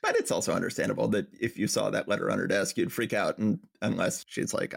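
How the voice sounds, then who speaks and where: A man's voice: fairly low pitch, fairly even intonation, fast talker, gravelly, husky, no echo, clean studio sound. A man co-hosting a podcast, casually recapping comic book plots and reading quoted dialogue in a light voice. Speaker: podcast co-host.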